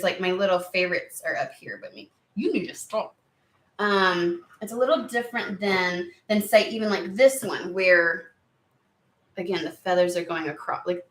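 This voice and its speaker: A woman chatting excitedly and rambling on tangents during a spiritual card reading video. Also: mid-range voice. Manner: excitable, rambling, lots of exclamations. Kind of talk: casual chatty reading vlog. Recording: roomy echo.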